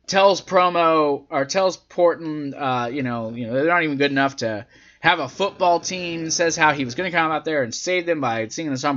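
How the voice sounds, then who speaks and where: Man, swearing exasperated reviewer, lively swinging pitch, dull lo-fi recording. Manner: profane, exasperated rant. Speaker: wrestling show reviewer. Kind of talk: casual ranting review.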